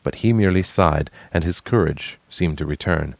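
A man narrating a fantasy story in a measured storytelling manner. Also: low voice, vocal fry, darkish tone, no echo.

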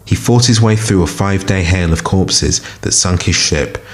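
Deep-voiced man narrating dark fiction. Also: moderate pace. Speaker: story reader.

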